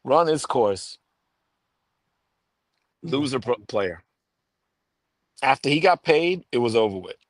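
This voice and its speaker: A man's voice: medium pitch, animated, slow, pauses often, dry recording. Sarcastic New York sports podcast guy. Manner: sarcastic, joking, trails off and restarts. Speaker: podcast co-host. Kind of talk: casual sports banter.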